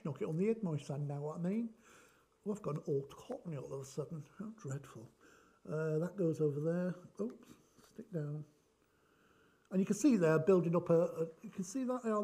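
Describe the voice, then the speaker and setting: A man with a notably high voice walks through a craft project in a loose, chatty tutorial. He jokes, rambles and works out ideas aloud as he goes. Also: warm tone. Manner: jokey, rambling, thinks aloud. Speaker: craft demonstration host.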